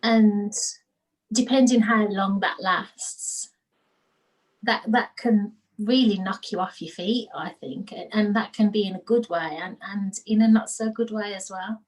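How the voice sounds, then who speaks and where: A woman's voice: medium pitch, steady tone, measured pace, distant mic, poor audio. A woman in a casual group discussion, speaking thoughtfully and searching for words as she goes. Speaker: panel guest.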